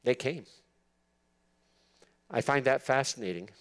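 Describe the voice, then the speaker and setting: A man's voice: medium pitch, unhurried, fairly bright tone, smooth. Earnest man preaching an emphatic sermon. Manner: earnest, emphatic, repeats words for stress. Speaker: preacher teaching church leaders. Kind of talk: expository sermon.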